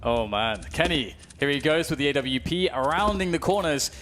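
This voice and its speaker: A British man doing play-by-play esports commentary, calm analysis that breaks into excited shouting on big plays. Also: on the high side, normal speed, slight background noise.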